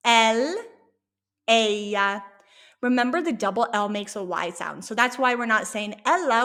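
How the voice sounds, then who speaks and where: A woman's voice: on the high side, bright, forceful tone. A woman teaching an online language lesson, encouraging and repeating words for learners to echo back. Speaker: Spanish teacher.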